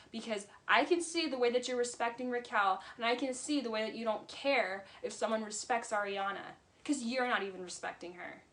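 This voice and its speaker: Bright, blunt woman vlogger. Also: fairly high pitch. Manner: blunt, heated, swears freely. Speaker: vlogger recapping a reality show. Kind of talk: casual commentary.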